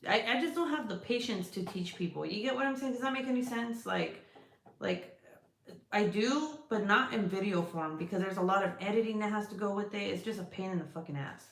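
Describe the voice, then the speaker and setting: A woman's voice: mid-range voice, brisk, roomy sound. A woman chatting casually with viewers on a crafting livestream, profane and rambling, often breaking off to scold her cat. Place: indoor room at her craft desk.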